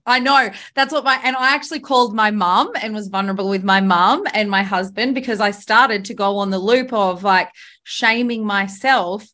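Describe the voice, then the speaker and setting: A woman's voice: mid-range voice, a bit bright. Woman, thirties, podcast host, candid casual chat, swears freely, lots of fillers.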